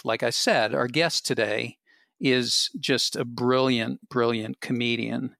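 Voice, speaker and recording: A man's voice: medium pitch, creaky, fairly bright tone, no echo. A man co-hosting a podcast in casual chat, introducing a guest in an easygoing, joking way. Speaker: podcast co-host.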